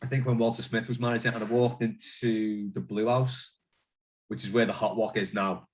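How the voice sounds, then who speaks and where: A man's voice: fairly low pitch, level tone, normal speed. A man hosting a casual chat podcast, joking and bantering with his co-hosts. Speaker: podcast host.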